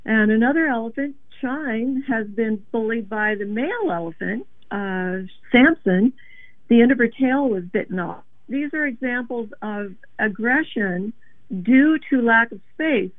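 A woman speaking as a guest in a phone interview, explaining in an earnest, measured way. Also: fairly high pitch, animated, no echo. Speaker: animal advocate guest. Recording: tinny phone line.

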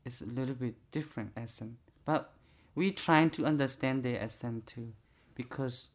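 A speaker gives an interview in a middle-pitched, ordinary voice. The talk is halting and full of restarts and repeated words. The tone stays plain and conversational throughout. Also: darkish tone. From Burma.

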